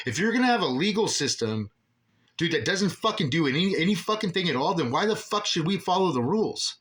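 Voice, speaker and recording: A man's voice: a little high, sing-song, brisk, fairly bright tone, slightly rough. A man in an agitated, profane monologue, rambling with many restarts as an aggrieved father ranting about officials. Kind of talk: angry monologue.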